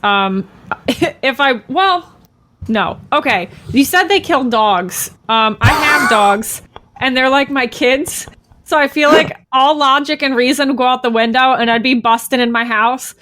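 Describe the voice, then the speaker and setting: A woman's voice: a little high, measured pace, pushed and bright. A woman chatting as a podcast guest, laughing often and poking fun at herself. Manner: laughing, self-deprecating. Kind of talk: casual podcast chat.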